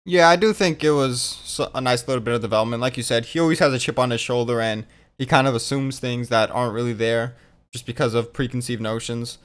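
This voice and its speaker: A man with a smooth, resonant voice, chatting casually in a fan discussion. He talks in quick animated bursts, full of fillers and casual swearing, sitting at a middle pitch.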